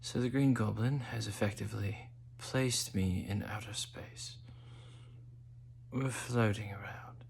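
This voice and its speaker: A man hosting a casual monologue while high, drifting into whispery asides. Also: fairly even intonation, measured pace, vocal fry, darkish tone, slight background noise. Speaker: host.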